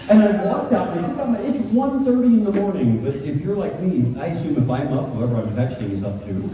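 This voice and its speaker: A man's voice: fairly high pitch, brisk, hardly any pauses. A middle-aged man telling comic stories to a crowd at a convention panel, acting out voices as he goes, heard from the audience. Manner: animated, acts out voices in his stories. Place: large convention panel room. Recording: echoey hall, distant mic, room noise.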